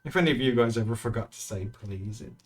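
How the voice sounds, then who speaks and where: A man's voice: mid-range voice, fast, soft background music. A man streaming live, chatting casually with his viewers in a teasing way and laughing often.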